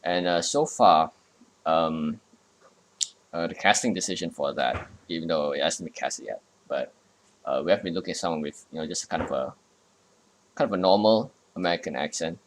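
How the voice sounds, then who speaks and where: Super deep voice guy hosting a stream, lots of ums and uhs. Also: a little hiss or hum. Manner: halting, many fillers and restarts. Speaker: stream host and project lead. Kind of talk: casual livestream chat.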